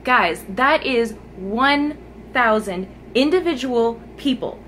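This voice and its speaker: A young woman who runs a gaming YouTube channel gives a chatty, enthusiastic update in an informal vlog, holding her smartphone's camera mic close at home. Her voice is fairly high, expressive, slow and fairly bright, with faint background noise on the recording.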